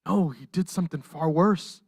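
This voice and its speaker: A pastor delivering a livestreamed sermon, impassioned and emotional, rising to near-shouts and dropping to hushed softness. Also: mid-range voice, moderate pace, gravelly, breathy edge, dry recording, studio quality. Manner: impassioned, swings from raised intensity to hushed softness. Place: church.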